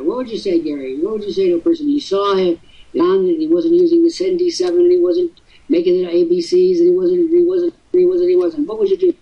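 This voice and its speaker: A man in his seventies hosting a live webinar, teasing and firing off rhetorical questions, his voice swooping high for emphasis. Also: slightly rough. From Illinois, USA. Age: 70s. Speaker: host. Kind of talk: webinar talk. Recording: dull lo-fi webinar audio.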